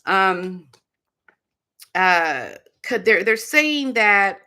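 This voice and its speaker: A woman hosting a casual commentary video, talking in a chatty, animated way with lots of fillers and sarcastic asides. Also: medium pitch, drawn-out words. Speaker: host.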